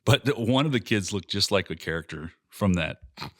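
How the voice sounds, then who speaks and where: A man's voice: fairly low pitch, brisk, no echo, studio quality. A man who owns an airsoft park, hosting a casual podcast and telling stories with lots of swearing. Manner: animated storyteller, heavy swearing, acts out quotes.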